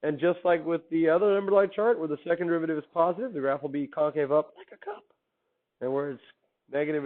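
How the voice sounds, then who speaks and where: A male teacher lectures a classroom in an upbeat, chatty way, stopping often to quiz his students. His voice sits a little high. The recording is narrow and tinny, like a phone line. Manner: upbeat, quizzing students with questions. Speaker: math teacher.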